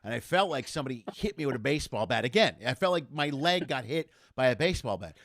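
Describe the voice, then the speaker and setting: A middle-aged man in casual chat, telling a story in an animated way and acting out the voices of the people in it. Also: mid-range voice, quick pace, dry recording, clean studio sound. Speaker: comedian guest.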